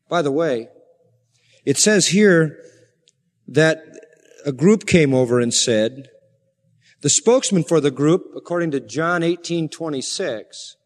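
A man's voice: fairly high pitch, big-room sound. A man preaching a sermon as pastor, earnest and rising to fervent emphasis.

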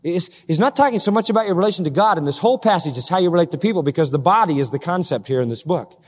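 A male pastor preaching a sermon, full of rhetorical questions and building to forceful, emphatic climaxes. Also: high-pitched, animated, rapid-fire. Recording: long hall reverb.

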